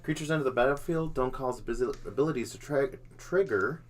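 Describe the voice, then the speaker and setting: A man's voice: mid-range voice, brisk. A man giving casual, jokey live play-by-play commentary on a card game, now and then humming silly sound effects.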